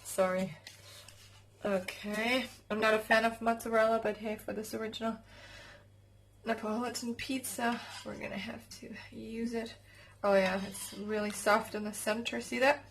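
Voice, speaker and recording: A woman from Germany, a home cook vlogging in her kitchen, chatty and excitable as she talks viewers through cooking. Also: fairly high pitch, normal speed, creaky, poor audio. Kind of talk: casual cooking vlog.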